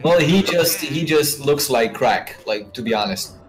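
A man's voice: medium pitch, expressive, a little slow, low-quality recording. Rambling sarcastic commentary guy. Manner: rambling, sarcastic, laughing asides. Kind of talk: casual gaming chat.

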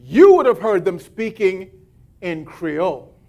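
Animated high-voiced preacher man. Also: takes it slowly. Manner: animated preaching with scripture readings and asides. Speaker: pastor. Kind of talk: sermon.

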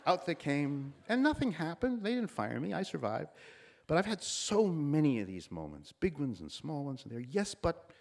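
This commencement speaker, a man in his sixties, has a slightly high, gravelly, somewhat mellow voice with a touch of nasality. He's very animated at a normal speed, telling stories and voicing the people he quotes.

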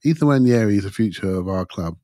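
Guy on a footy pod, blunt, lowish voice, bit dry. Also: animated, fast talker, mellow, no echo. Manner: blunt and emphatic, says mate. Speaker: podcast pundit. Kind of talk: casual football chat.

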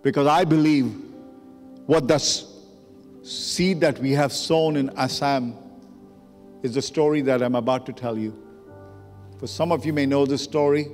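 A man's voice: mid-range voice, unhurried, long pauses, darkish tone. A man pastor telling a story in a sermon, emotional and building to urgent preaching. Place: church sanctuary. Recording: long church hall reverb, music underneath.

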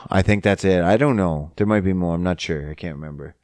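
A man's voice: sits low, quick pace, a little mellow, dry recording, clean studio sound. A man hosting a casual solo podcast, rambling and swearing constantly. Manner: profane, rambling, heavy swearing. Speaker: podcast host.

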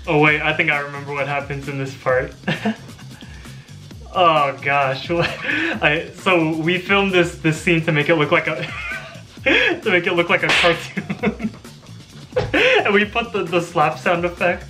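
Bright-voiced young man reacting, laughing. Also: on the high side, fairly even intonation, unhurried, soft background music. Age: young adult. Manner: laughing, amused, rambling. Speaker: YouTuber reacting to his old video. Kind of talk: casual reaction commentary.

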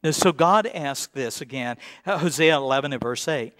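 A male pastor preaching a sermon in an earnest, deliberate way, repeating words and rising into pleading emphasis. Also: a little high, lively intonation, fairly bright tone, no echo.

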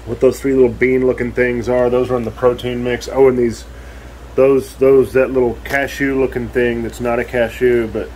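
A man's voice: mid-range voice, level tone, moderate pace, darkish tone, slight background noise, poor audio. A man filming a casual vlog at home, rambling and swearing as he talks to the viewer. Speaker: vlogger. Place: at home, indoors.

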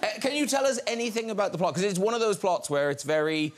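A man's voice: sits high, sing-song, fast talker, heavy background noise. A man hosting a chat show, teasing his guests and laughing easily. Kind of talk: casual chat.

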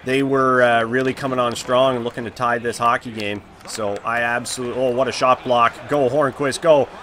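A man's voice: medium pitch, steady tone, brisk, fairly bright tone, a little hiss or hum. A man giving live commentary on his own video game, groaning and exclaiming as the plays go for and against him. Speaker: gaming YouTuber.

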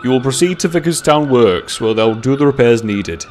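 A man's voice: mid-range voice, lively intonation, normal speed, a little hiss or hum, pitched above the performer's own voice, natural voice. A man voicing a stern, portly older railway boss in a storybook tale. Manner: stern, disappointed. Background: background music.

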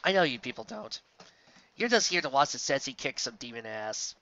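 Sarcastic, bright-voiced fanfic reader. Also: medium pitch, very animated, moderate pace, highs cut off. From Southern United States. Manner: sarcastic, exasperated, jumps between reading and ranting. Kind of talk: comedic reading with sarcastic asides.

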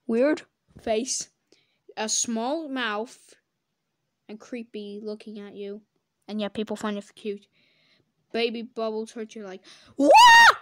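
A woman doing comedic reaction commentary, sarcastic and swearing, breaking into loud silly voices. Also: medium pitch. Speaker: commentator reacting to fan drawings.

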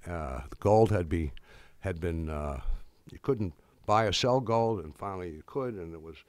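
An older man giving a speech, telling wry stories in a halting way with many restarts and fillers. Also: deep voice, expressive, darkish tone, no room sound. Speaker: speaker. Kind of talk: anecdotal speech.

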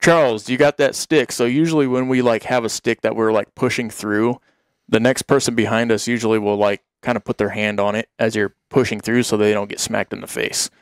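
A man's voice: lowish voice, fairly even intonation, a little fast, smooth, no echo, clean studio sound. A man telling hunting stories in a casual chat, rambling, laughing often and acting out what people said.

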